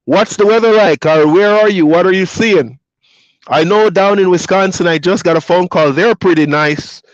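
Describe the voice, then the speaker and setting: A man's voice: sits high, normal speed, no echo. A man from Jamaica with a Jamaican accent, whose first language is Patois, casually reading viewer comments aloud and chatting back on a livestream. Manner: reads viewer comments aloud and chats back, easygoing, laughs often. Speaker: truck driver streamer. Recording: dull lo-fi dry sound.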